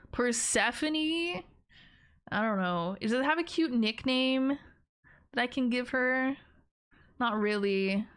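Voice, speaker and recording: A woman's voice: on the high side, a bit bright. Chatty, giggly woman streamer. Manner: playful teasing of her chat. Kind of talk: casual live-stream chat.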